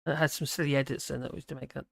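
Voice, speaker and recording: A man's voice: mid-range voice, flat delivery, racing, creaky, no echo, clean studio sound. A tired man hosting a livestream, rambling casually through viewer chat and slurring his words a little. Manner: rambling, with frequent restarts and fillers.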